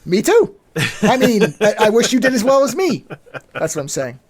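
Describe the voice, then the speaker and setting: A man's voice: high voice, huge pitch swings, moderate pace, a crowd in the background. A man from the Southern United States co-hosting a casual podcast, chatting and reading listener mail aloud over a remote call. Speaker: podcast co-host.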